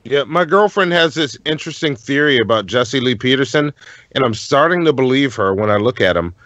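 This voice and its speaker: A man's voice: medium pitch, lively intonation, brisk, fairly bright tone, dry recording, highs cut off. A man talking casually as a podcast guest, joking and laughing at his own jokes. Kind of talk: casual chat.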